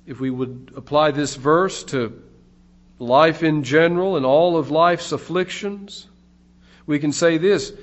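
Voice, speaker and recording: A man preaching a sermon in a slow, deliberate way, his voice swelling louder on key phrases. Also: fairly high pitch. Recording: dull lo-fi recording.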